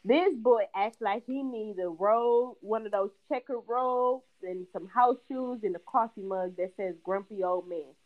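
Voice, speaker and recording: Animated woman telling stories, dull audio. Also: medium pitch, unhurried, few pauses. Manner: animated storyteller acting out her kids' lines. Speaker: podcast co-host and mother. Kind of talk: casual chat.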